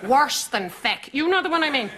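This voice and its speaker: A gossipy Irish housekeeper with a high voice, tutting at foul language while gleefully repeating it. It is a TV sitcom recording with a roaring studio audience and heavy noise. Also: female voice, big pitch swings, normal speed. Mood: scandalised. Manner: prim, relishing the swearing she condemns. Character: gossipy elderly housekeeper woman, scandalised. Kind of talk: sitcom acting. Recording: TV sitcom with loud crowd noise.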